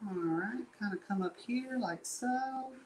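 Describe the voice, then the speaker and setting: A woman's voice: fairly high pitch, unhurried, a little hiss or hum, rough recording. Brief: middle-aged woman, folksy and chatty, rambling painting-class host. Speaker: painting instructor. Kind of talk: casual live painting tutorial.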